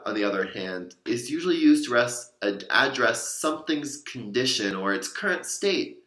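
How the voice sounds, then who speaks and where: A man's voice: fairly low pitch, bright, forceful tone, reverberant. A young man teaching a Spanish lesson, explaining patiently with examples and asking the listener to repeat after him. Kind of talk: spoken language lesson.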